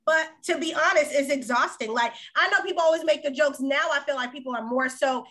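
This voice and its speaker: Bright high-voiced woman host. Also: brisk. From Boston area. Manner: animated, frank, swears casually. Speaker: podcast host. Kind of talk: casual chat.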